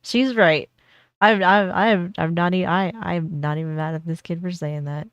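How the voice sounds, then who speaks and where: Woman streamer ranting casually at a clip, tripping over words, lowish voice, no room sound. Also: steady tone, normal speed, no room sound, dull audio. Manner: exasperated, rambling, stumbles over words. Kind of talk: casual reaction commentary.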